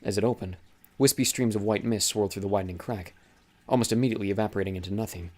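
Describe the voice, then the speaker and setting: A man narrating an audiobook in a steady, dramatic reading style. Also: fairly low pitch, rapid-fire. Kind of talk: scripted narration.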